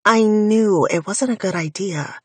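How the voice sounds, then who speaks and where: A woman's voice: medium pitch, a little slow, a little mellow, husky, no room sound. A woman narrating a first-person romance audiobook in an intimate, wry inner-monologue voice, recorded close on a studio mic.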